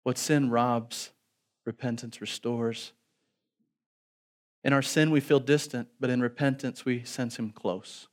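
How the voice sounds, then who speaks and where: A man who is a pastor preaching a sermon, moving between soft pleading passages and loud, emphatic calls to the congregation. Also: medium pitch, fairly even intonation, a little slow, long pauses. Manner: asks the congregation to respond aloud.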